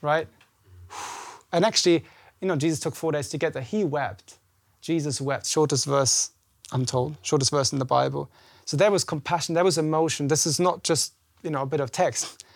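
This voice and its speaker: A pastor's slightly high voice comes through at normal speed in echo-free, studio-quality audio. Speaking conversationally at a church service, he brings scripture lines to life by acting them out with animation.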